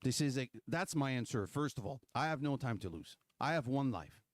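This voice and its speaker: A man, talking loosely and sarcastically as the host of a political livestream. His pitch jumps around a lot, and he often restarts his sentences. The sound is dry and close, with almost no room around it. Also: animated, brisk, dry recording. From Quebec, Canada. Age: 40s. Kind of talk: casual political talk.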